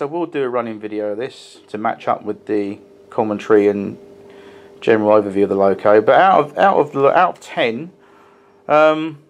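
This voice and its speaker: In a mid-range voice, a man gives a relaxed, talkative review of a model locomotive. He handles it as he explains, often saying "um" and starting his sentences over.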